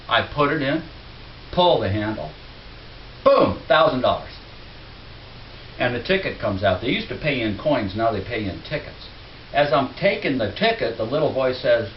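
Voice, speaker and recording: Male stand-up comic telling a story, middle pitch, dull and roomy club sound with faint hiss. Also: big pitch swings, moderate pace, far from the mic. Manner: conversational storytelling building to punchlines. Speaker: stand-up comedian. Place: comedy club stage.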